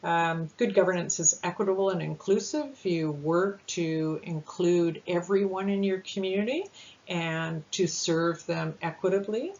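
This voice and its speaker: A woman presenting a candidate information session in a measured manner, with frequent ums and uhs. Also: fairly low pitch, darkish tone. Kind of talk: informational talk. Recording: dull lo-fi sound with faint hiss.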